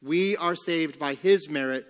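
A pastor preaching a sermon, who slows down and lifts his voice on the key phrases. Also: fairly high pitch. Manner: emphatic preaching, slowing and rising on key phrases. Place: church sanctuary. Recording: long church hall reverb.

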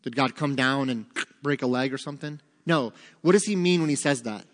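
With a mid-range voice that runs a little fast, a Bible teacher holds an interactive study in a space with big-room sound. He asks the people listening questions and answers them himself.

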